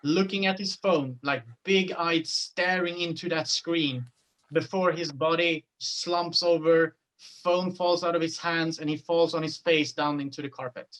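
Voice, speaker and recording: A man's voice: fairly high pitch, fairly even intonation, unhurried, a bit bright, poor audio. A man narrating a tabletop horror game as game master, loose and rambling.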